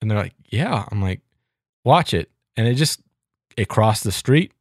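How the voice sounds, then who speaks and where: A man's voice: fairly low pitch, expressive, no echo, clean studio sound. Chatty man on a podcast. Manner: chatty, quick to laugh. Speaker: podcast co-host. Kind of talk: casual chat.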